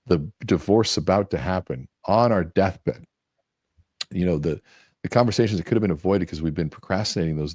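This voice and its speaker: A man's voice: low-pitched, no room sound, clean studio sound. A man speaking as a guest in a conversational interview, telling stories and acting out quoted dialogue. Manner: animated storyteller acting out quotes.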